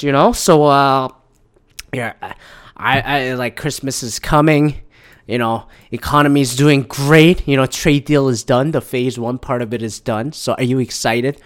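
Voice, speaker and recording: A man's voice: medium pitch, steady tone, unhurried, smooth. A man hosting a casual solo podcast, rambling and swearing often, with frequent restarts, into a podcast mic. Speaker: podcast host. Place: home recording in Michigan. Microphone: podcast microphone.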